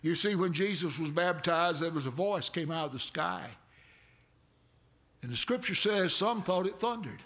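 A man preaching a sermon, with dramatic swells that build to near shouts. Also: animated, moderate pace. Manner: dramatic preaching with sudden swells in pitch and loudness.

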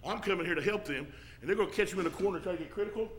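A man preaching as an evangelist in a folksy style, now and then rising to a shout and coughing. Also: high-pitched, racing, a little hiss or hum. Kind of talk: sermon.

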